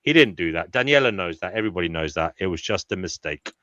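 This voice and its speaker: A man's voice: sits low, animated, quick pace, pushed and bright, no room sound. A man hosting a casual live discussion, talking bluntly with lots of restarts and teasing. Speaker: host. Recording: muffled lo-fi mic, dry.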